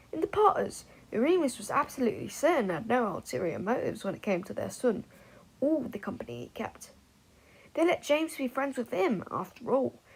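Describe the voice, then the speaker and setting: A woman narrating a fan fiction story aloud in an expressive audiobook style. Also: a little high, vocal fry, breathy edge, low-quality recording. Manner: expressive, voices each character.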